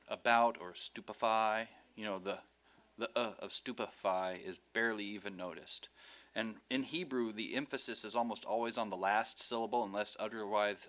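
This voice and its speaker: A man's voice: on the low side, pushed and bright. A man teaching a Hebrew class, patient and explaining with examples and light jokes. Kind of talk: online class instruction.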